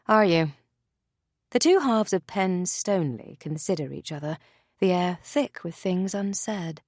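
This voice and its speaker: A woman reading a thriller novel aloud as narrator, in a measured, dry storytelling manner. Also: on the low side, a little mellow, dry recording. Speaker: audiobook narrator. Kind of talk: scripted narration.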